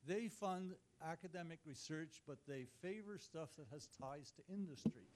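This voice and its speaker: A man's voice: fairly high pitch, moderate pace, darkish tone. A man, a professor from Canada, speaking casually at a panel and polling the audience with jokes. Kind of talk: panel discussion remarks.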